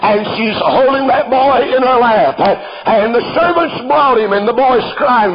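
A man with a notably high voice delivers a fervent sermon, reading scripture and explaining it passage by passage. He often swells to a shout and turns to the listener directly. The sound is dull and lo-fi, like an old radio broadcast. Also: expressive, unhurried, hardly any pauses, crowd noise. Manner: fervent, rises to shouts at peaks, addresses listeners as "friend". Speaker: preacher.

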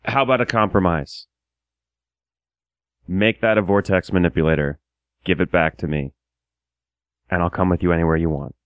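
A man playing a desperate castaway who pleads and bargains, with a smooth, resonant voice. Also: low voice, normal speed, long pauses, no room sound, lo-fi sound, lightly acted. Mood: bargaining.

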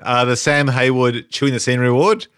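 A man's voice: medium pitch, a little fast, clean tone, no echo, studio quality. A man hosting a casual film-review podcast who hands out awards and prompts his co-hosts in a wry way. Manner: wry, prompting others, lively intonation. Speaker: podcast host running award segments.

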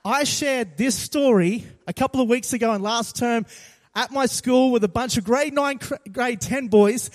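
A young man, a pastor telling a dramatic story in an animated sermon to his congregation, with bursts of loud emphasis. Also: very high-pitched, moderate pace.

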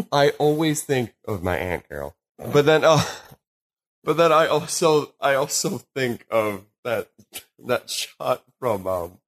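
A young man co-hosting a podcast, talking casually and rambling with lots of ums and quick asides. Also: medium pitch, big pitch swings. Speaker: podcast co-host. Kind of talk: casual chat. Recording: poor home audio.

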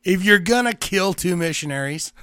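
A man's voice: high-pitched, lively intonation, normal speed, bright, forceful tone, no echo, clean studio sound. A man co-hosting a casual movie-review podcast, joking and wisecracking in the banter. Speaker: podcast co-host.

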